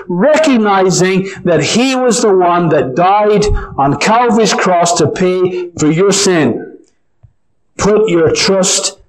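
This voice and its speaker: A man preaching a sermon, earnest and emphatic, slowing down to stress key phrases. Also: high voice, poor audio.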